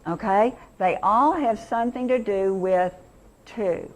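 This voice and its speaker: A woman's voice: medium pitch, takes it slowly. A middle-aged woman teacher leading an interactive workshop lesson, enthusiastic and quizzing her audience.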